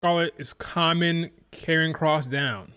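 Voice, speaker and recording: A man's voice: on the high side, measured pace, sharp tone, clear, resonant tone. A man hosting a live wrestling watch-along, chatting casually and mimicking crowd chants in a sing-song rhythm. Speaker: live stream reaction host.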